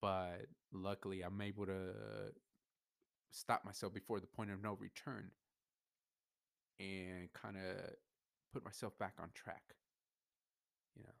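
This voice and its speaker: A man's voice: sits low, little pitch movement, a little slow, gravelly, pauses often, dry recording, studio quality. A young man hosting a podcast, venting in an emotional, rambling monologue full of swearing and restarts. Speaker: podcast host.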